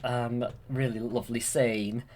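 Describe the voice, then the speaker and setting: A man's voice: medium pitch, little pitch movement, measured pace, a little mellow. A man eagerly retelling a film from memory, rambling with many ums and restarts, recorded on a handheld camera. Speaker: YouTube creator.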